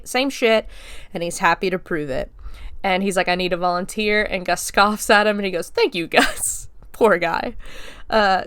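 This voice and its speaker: A woman's voice: mid-range voice, fairly bright tone, smooth, no room sound. A woman hosting a podcast, casually recapping a movie scene by scene, chatty and swearing freely as she acts out the quotes. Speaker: podcast host.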